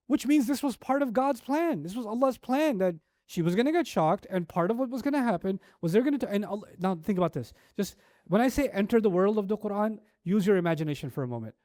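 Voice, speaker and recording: A man's voice: high-pitched, animated, fast, a little mellow, no room sound, clean studio sound. A man teaching a Quran lecture, telling stories with animation and asking many rhetorical questions. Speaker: Islamic teacher.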